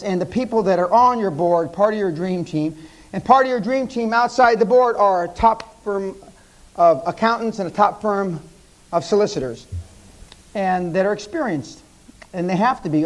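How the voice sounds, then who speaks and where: A man's voice: high-pitched, low-quality recording. An American man in his fifties giving a live seminar talk, telling brash stories laced with profanity. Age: 50s. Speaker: seminar speaker.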